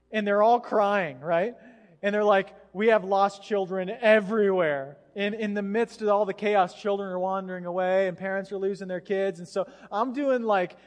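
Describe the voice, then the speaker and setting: A pastor preaching a sermon, telling a story with lively acted-out voices. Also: male voice, high-pitched, moderate pace. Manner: animated storyteller, acts out voices. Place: church hall. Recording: hall reverb.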